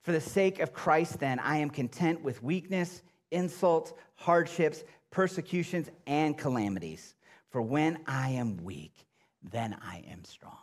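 A middle-aged pastor preaching with a high, light voice. He moves from loud, emphatic bursts down to quiet, hushed lines as he builds his points. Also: expressive, measured pace. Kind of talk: sermon.

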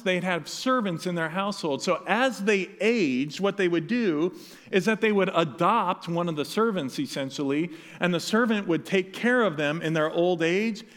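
Animated man preaching in a reverberant hall. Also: sits high. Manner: animated, acts out quoted dialogue. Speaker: pastor. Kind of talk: sermon.

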